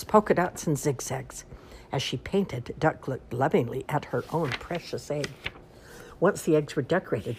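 A woman reading a children's picture book aloud in an expressive, sing-song way. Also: a bass voice, normal speed, slight background noise. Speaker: storyteller. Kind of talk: children's storybook read-aloud.

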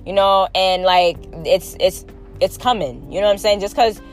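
A woman's voice: mid-range voice, moderate pace, soft background music. A woman hosting a casual solo podcast, talking bluntly with lots of slang, swearing and rambling asides to her listeners. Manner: frequent filler questions to listeners. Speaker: podcast host.

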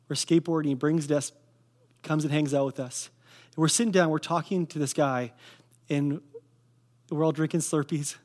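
A man's voice: on the high side, a little mellow. Earnest Canadian man sharing testimony. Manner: casual, earnest storytelling with fillers. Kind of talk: personal testimony sermon.

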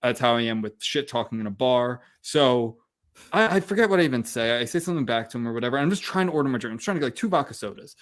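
A man in his thirties, co-hosting a podcast, telling a profane, animated story in casual chat. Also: mid-range voice, fast. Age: 30s. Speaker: podcast co-host.

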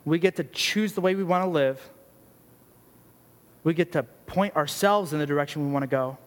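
A man's voice: sits high, a bit bright. A man preaching as a youth pastor, blunt, earnest and conversational, peppered with casual "like"s. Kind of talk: sermon. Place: church youth gathering hall. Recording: long hall reverb.

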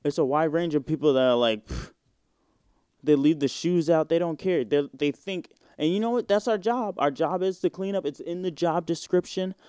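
A man's voice: on the high side, normal speed, warm tone, clean tone, no echo, studio quality. A man in his twenties hosting a casual solo podcast, rambling in slang with plenty of fillers and swearing. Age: 20s. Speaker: podcast host.

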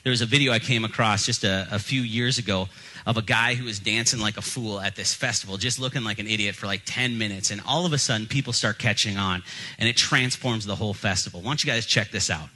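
A man's voice: lowish voice, quick pace, sharp tone, poor audio. A young adult male pastor preaching a sermon, telling jokey, self-deprecating stories from his childhood.

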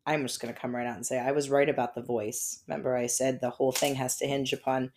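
Deep-voiced woman cohost, rambly podcast chat, laughs a lot. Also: flat delivery, fast talker, darkish tone. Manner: chatty, rambling, laughs often. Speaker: podcast co-host. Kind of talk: casual chat. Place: home by a fireplace.

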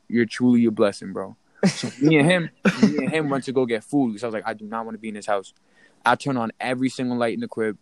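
Young man, casual animated storyteller, slangy, dry sound. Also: medium pitch, no room sound. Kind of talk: casual chat.

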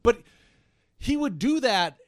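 A man co-hosting a podcast in casual chat, animated and quick to laugh. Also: very high-pitched, no echo, clean studio sound. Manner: animated, laughs often, mimics fading sound. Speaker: podcast co-host.

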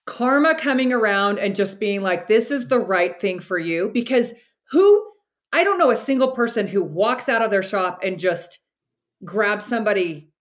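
A woman's voice: medium pitch, expressive, normal speed. A woman hosting a podcast, chatting casually and eagerly affirming her guest. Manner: enthusiastic, affirming interviewer. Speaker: podcast host. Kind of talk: casual interview chat.

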